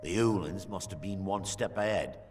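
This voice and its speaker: An actor playing a sly male dark elf tavern keeper in a game, talking in a put-on Cockney-style British accent with a knowing, teasing delivery. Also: deep voice, moderate pace, natural voice. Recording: game audio with long reverb and faint music.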